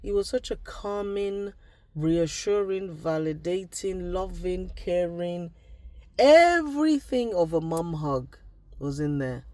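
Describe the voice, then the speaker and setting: A man's voice: high-pitched, expressive, slow pace, a little mellow, dry recording. A man from Nigeria, talking through personal reflections in a casual diary vlog, often trailing off and restarting his thoughts. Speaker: vlogger.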